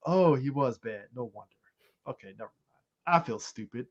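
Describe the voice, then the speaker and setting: A man co-hosting a podcast in casual chat, animated and profane, rambling with lots of fillers. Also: mid-range voice, normal speed. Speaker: podcast co-host. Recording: slightly muffled lo-fi audio.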